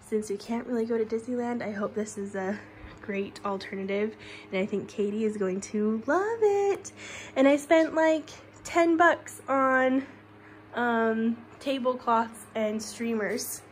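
A woman's voice: a little high, measured pace, a little hiss or hum. A woman in her thirties giving a chatty home tour vlog, recorded on a handheld phone in the rooms of a basement. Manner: chatty, laughs often, drops to a whisper in a spooky room. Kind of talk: casual walkthrough vlog.

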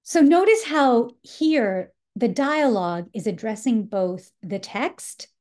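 Mellow-voiced woman teaching a writing workshop. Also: a little high, animated, slow pace. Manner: thoughtful, explanatory, with frequent fillers. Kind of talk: literature workshop lecture.

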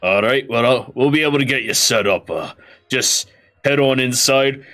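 A man doing a gruff bearded dwarf innkeeper. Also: medium pitch, normal speed, a bit bright, soft background music, close to an everyday voice. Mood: hearty. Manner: gruff, bossy, hollering orders.

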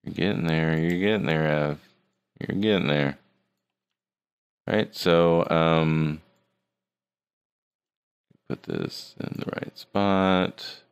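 Male instructor, very low and gravelly, laid-back, teasing, walks students through software. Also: steady tone, takes it slowly, long pauses. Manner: joking, teasing his students. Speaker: 3D art teacher. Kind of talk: casual screen-recorded tutorial.

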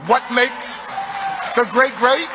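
A man's voice: very high-pitched, slow pace, noisy background. A man giving a live motivational speech in rhythmic, emphatic oratory, building on a repeated refrain. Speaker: motivational speaker. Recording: reverberant hall, faint music.

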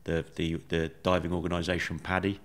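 A man, a podcast guest, telling his story in a measured, reflective way with many fillers. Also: sits low, completely flat delivery, fairly bright tone. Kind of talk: conversational storytelling.

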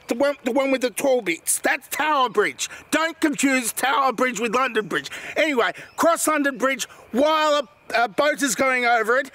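Guy rambling thru a daft joke, real high bright voice, keeps correcting himself. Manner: rambling, self-correcting, tangents and put-on accents. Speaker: comedy vlogger telling a joke story. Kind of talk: rambling comic storytelling.

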